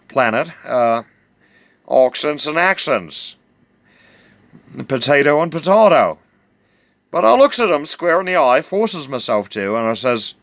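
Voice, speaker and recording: A man's voice: fairly high pitch, no echo. A man with a New Zealand accent telling a rambling, drawling yarn full of fillers and self-corrections. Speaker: storyteller.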